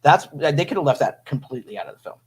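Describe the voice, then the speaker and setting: A man's voice: fairly high pitch, expressive, fast, a little mellow, husky. A man co-hosting a casual movie review, giving his opinions in rambling, self-correcting sentences. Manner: rambling, many restarts while giving opinions. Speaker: podcast co-host.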